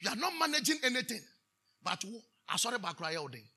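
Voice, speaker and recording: Ghanaian man, pastor preaching, high voice, husky edge, call-and-response, English and Twi. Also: big pitch swings, fast, pushed and bright. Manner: switches between English and Twi. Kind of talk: sermon.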